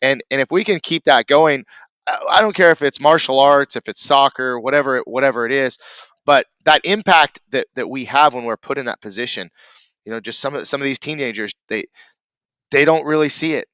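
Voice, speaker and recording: A man's voice: mid-range voice, fairly quick, fairly bright tone, no room sound. A man hosting a podcast who also runs a martial arts school, sharing reflective thoughts in conversation. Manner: reflective, agreeable, builds on the guest's points. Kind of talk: conversational interview.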